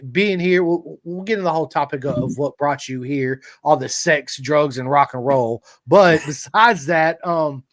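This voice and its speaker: An American man hosting a podcast, chatting casually and telling animated, hyped-up stories to his guest. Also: on the high side, moderate pace, hardly any pauses, no room sound, studio quality. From United States. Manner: excitable, hyping, animated storyteller. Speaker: podcast host. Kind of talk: casual chat with ad read.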